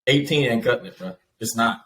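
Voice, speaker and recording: A man's voice: medium pitch, brisk, fairly bright tone. A man co-hosting a sports podcast and speaking bluntly in a slangy, dismissive way. His voice rings in an echoey room, with a faint hiss underneath. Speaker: podcast co-host. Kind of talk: casual sports debate.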